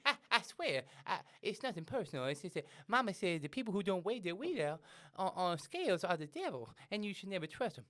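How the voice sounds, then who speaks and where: A man's voice: sits high, sing-song, brisk, hardly any pauses, pushed and bright, pitched above the performer's own voice, exaggerated voice. A man doing an impression of a naive young Southern man who stammers earnestly about his mama.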